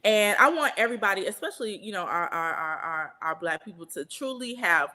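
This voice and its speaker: A woman's voice: mid-range voice, animated, fairly quick, bright, forceful tone. A woman co-hosting a casual podcast chat, talking earnestly and emphatically and often checking that listeners follow her. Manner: earnest, emphatic, often asks "you understand what I'm saying?". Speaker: podcast co-host.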